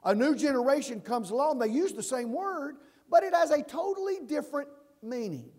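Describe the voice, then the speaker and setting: High-pitched pastor guy preaching, earnest, lots of restarts, big echoey church. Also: lively intonation, moderate pace, darkish tone. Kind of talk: sermon. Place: church sanctuary. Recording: long church reverb.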